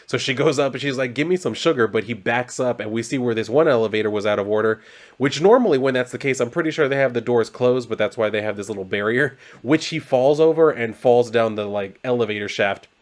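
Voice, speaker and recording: A man's voice: mid-range voice, a little fast. A man casually recapping a comic book story, rambling loosely with lots of fillers and some mild swearing.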